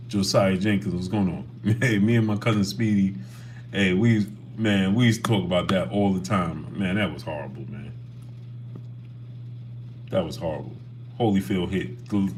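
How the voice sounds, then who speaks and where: A man's voice: sits low, slight background noise. A man hosting a casual boxing livestream, talking animatedly and greeting chat viewers by name.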